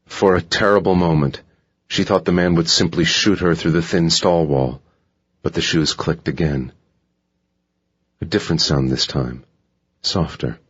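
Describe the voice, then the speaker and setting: A man narrating a thriller audiobook in a steady, measured reading. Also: deep voice, slightly rough. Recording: dull lo-fi audiobook recording.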